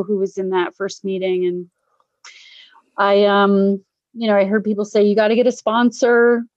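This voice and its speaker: A woman's voice: mid-range voice, no echo. Chatty woman telling her story, dull dry sound. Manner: animated, acts out quoted voices, laughs often. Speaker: guest sharing recovery story. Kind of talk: casual personal storytelling. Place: Denver area.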